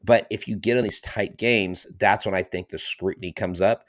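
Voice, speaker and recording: A man co-hosting a baseball podcast, talking in an emphatic, animated way. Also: deep voice, moderate pace, no room sound, clean studio sound. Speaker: podcast co-host. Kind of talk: casual sports chat.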